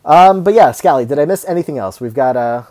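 A man's voice: a little high, a little fast. A man co-hosting a podcast, chatting casually about a reality show with lots of fillers and restarts. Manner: relaxed, rambling with many fillers. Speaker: podcast co-host.

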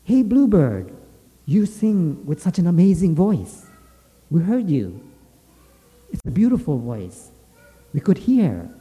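Man doing chirpy young bird friends for a spoken story, high teasing sing-song, long hall reverb. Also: wildly swooping pitch, takes it slowly, pauses often, mellow, full character voice. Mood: admiring. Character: chirpy, admiring flock of young birds.

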